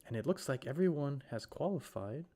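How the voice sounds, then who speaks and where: A man's voice: medium pitch, lively intonation, normal speed, dark tone. A man recovering from a cold gives rambling live-stream commentary on a sim race, correcting himself and using lots of fillers.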